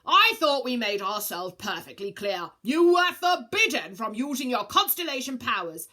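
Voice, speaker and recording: A woman voicing a loud, pompous council figure from a children's storybook, shouting sternly from a distance. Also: high voice, big pitch swings, normal speed, pitched above the performer's own voice, heavily acted. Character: shrill, scolding zodiac councillor, loud and officious.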